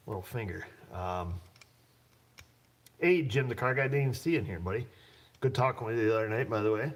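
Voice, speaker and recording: A man hosting a livestream as a mechanic, talking in a loose, jokey, rambling way and chuckling often. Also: lowish voice. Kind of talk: casual livestream chat.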